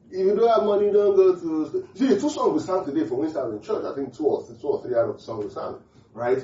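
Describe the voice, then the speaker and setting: Preaching in a church hall, this man has a voice on the high side with a dark tone, animated and a little fast. He uses call-and-response, often questioning the congregation and repeating key phrases, heard on a distant, echoey, muffled recording.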